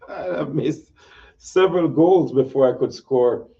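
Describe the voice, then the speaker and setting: A man with a Jamaican accent hosting an interview, agreeable and quick to affirm his guest. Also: fairly high pitch. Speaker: host. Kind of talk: interview talk. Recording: distant dull mic.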